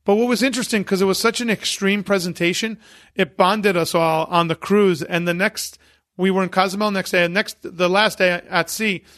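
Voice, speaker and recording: A man, an event promoter, telling lively stories as a guest on a podcast and acting out what people said. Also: high voice, no echo, clean studio sound. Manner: animated anecdote-teller who acts out quotes. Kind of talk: casual interview storytelling.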